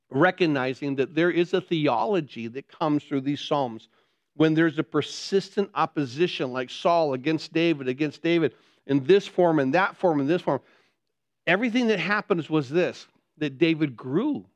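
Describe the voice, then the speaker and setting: A man with a high voice preaches a sermon, often answering his own rhetorical questions and repeating key phrases. The recording is dull and dry, with little sense of room. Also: dry recording.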